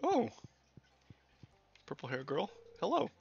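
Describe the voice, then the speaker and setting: A male streamer gives let's play commentary in a lively, swooping voice that sounds bright and tense. He jokes and swears casually at his chat. A dull, lo-fi mic carries his voice over faint game music. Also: medium pitch, moderate pace. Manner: chatty, joking, swearing to chat. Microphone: older desk mic.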